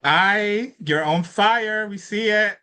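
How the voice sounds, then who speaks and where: A man's voice: high-pitched, slow pace, pushed and bright, clean tone. Upbeat man hosting a trivia quiz. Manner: upbeat and chatty, laughing often. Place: online event with participants in chat.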